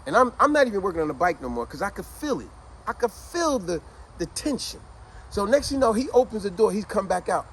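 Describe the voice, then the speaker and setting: Animated middle-aged man telling a story. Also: sits high, brisk, slight background noise, rough recording. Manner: animated, conversational, slangy. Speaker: vlogger telling a childhood story. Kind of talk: casual storytelling to camera.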